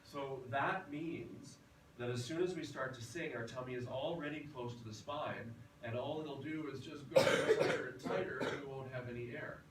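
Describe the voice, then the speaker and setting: A man's voice: mid-range voice, moderate pace. Male voice teacher, easygoing lecture, distant roomy mic with background noise. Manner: relaxed, chatty, tells anecdotes. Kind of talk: lecture to a class. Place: classroom or rehearsal hall. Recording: roomy, from far off, noisy.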